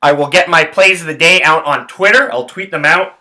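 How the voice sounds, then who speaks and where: Ranting angrily on his sports podcast, a man swears a lot and keeps repeating phrases to stress his point. His voice is on the high side, animated and brisk, with a sharp tone.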